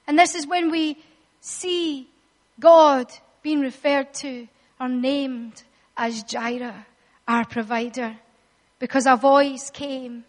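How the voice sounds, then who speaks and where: A woman preaching a sermon, telling the story dramatically and acting out the voices, rising at times to shouts. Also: high voice. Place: church hall. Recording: long reverb of a large hall.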